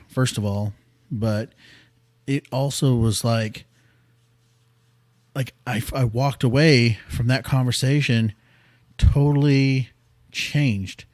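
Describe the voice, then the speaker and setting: A man in his thirties hosting a podcast, telling a personal story in an earnest, rambling way that often drops quiet. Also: medium pitch, no room sound, studio quality. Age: 30s. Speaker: podcast host. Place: small studio room.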